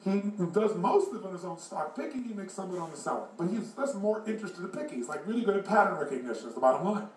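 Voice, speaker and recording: Man, motivational speaker, high voice, animated storytelling, echoey room, distant mic. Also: fast, few pauses, slight background noise.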